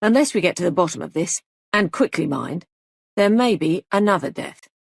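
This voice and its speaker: A woman's voice: fairly low pitch, lively intonation, normal speed, gravelly, husky, no room sound, clean studio sound, heavily acted. A woman voicing a grave male police sergeant who questions people in a clipped, insistent way. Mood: stern.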